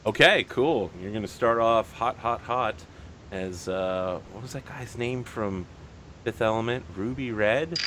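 A man narrating and running a tabletop wrestling game as game master, lively and casual. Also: fairly low pitch, a little slow, slight background noise. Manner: lively, puts on crowd voices.

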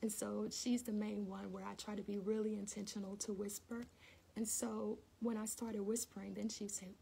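A woman's voice: mid-range voice, little pitch movement, a little slow, vocal fry, mellow. A middle-aged woman talks casually to her viewers during a morning devotional stream. She tells stories animatedly and laughs often. Her voice sits in a middle range, with a faint hiss behind it. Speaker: devotional livestream host.

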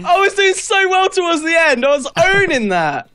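A woman's voice: very high-pitched, big pitch swings, normal speed, a bit bright. A woman, co-hosting casual gameplay commentary, self-mocking and cheering or groaning at her mistakes. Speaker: gaming channel co-host.

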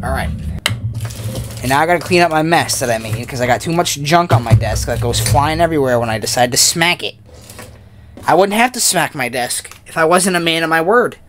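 A young man playing a motion-controlled bowling game and commenting at his desk at home, excitable and often breaking into screams and shouts. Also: a little high, a little fast, music in the background. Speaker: gaming video creator. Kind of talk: excitable let's-play commentary. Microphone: desk mic, camera off.

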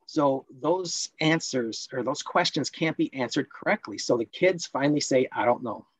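A man presenting a parenting workshop online, explaining points and acting out scolding parents in quick role-plays. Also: fairly high pitch, husky, dry recording, low-quality recording.

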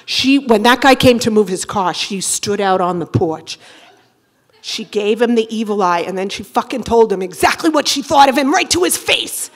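A woman tells a comic personal story on stage, and her voice sits high. She talks in an animated, profane way and keeps tossing in quick asides to the room. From Boston area. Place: theater stage before a live audience.

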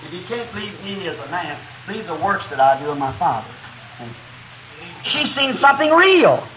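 A man preaching a revival sermon, telling a story in a fervent, folksy way that rises to shouts, recorded on an old 1960s tape in a meeting hall. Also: a little high, quick pace, a little hiss or hum.

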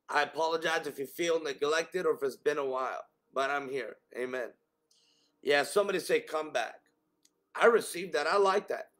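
Male preacher, high voice, unhurried, exuberant call-and-response delivery. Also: fairly bright tone. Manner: bursts into tongues. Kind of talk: livestreamed sermon.

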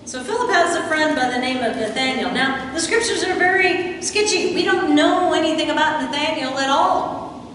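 A woman's voice: high-pitched, lively intonation, moderate pace, fairly bright tone, a little hiss or hum. A woman preaching a sermon, retelling scripture and acting out the quoted lines as she goes. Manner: storytelling, acts out quoted lines. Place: church sanctuary. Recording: echoey hall from far off.

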